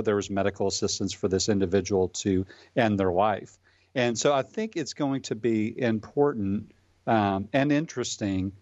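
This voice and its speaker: A man speaking as a radio guest, explaining his views thoughtfully with frequent pauses. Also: on the low side, a little mellow, dry recording, lo-fi sound. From Michigan. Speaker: guest commentator. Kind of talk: radio interview.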